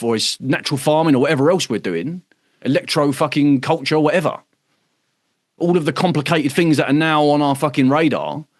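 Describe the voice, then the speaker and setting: A man's voice: on the high side, no room sound, studio quality. Sweary, emphatic man. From United Kingdom. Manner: emphatic and sweary, with rhetorical tag questions; acts out other people's voices mid-talk. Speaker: workshop host. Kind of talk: casual livestream talk to members.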